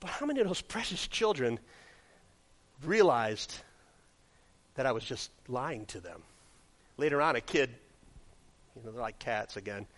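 A man preaching a sermon in a church. He reads scripture loudly and then drops into quiet, joking asides as he tells stories. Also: mid-range voice, a little slow, long pauses. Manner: animated storytelling, swings from loud scripture reading to quiet asides. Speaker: pastor. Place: church sanctuary.

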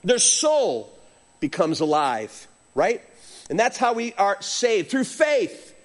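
A man's voice: high-pitched, takes it slowly. A middle-aged male pastor preaching a sermon, telling stories and acting out voices. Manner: animated storytelling preacher, acts out voices.

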